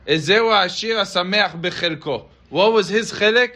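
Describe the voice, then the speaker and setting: A man with a fairly high voice tells a story in a sermon. He is dramatic and acts out the voices of the people in his story. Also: unhurried, bright, forceful tone, slight background noise. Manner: dramatic retelling, acting out voices in quotes. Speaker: rabbi.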